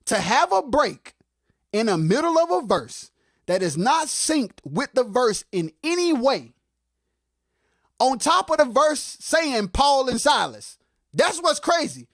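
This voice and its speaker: A livestream co-host giving impassioned commentary on music production. They get fired up and shout, then drop into quiet asides, and repeat phrases for emphasis. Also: high voice, very animated, takes it slowly, dry recording, studio quality. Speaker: co-host of a live music talk stream.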